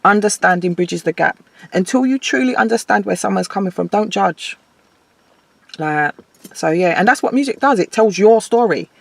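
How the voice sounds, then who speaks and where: A woman's voice: medium pitch, lively intonation, normal speed, creaky, dry recording. A woman musician speaking in a casual interview, earnest and reflective, laughing easily. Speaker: guest musician.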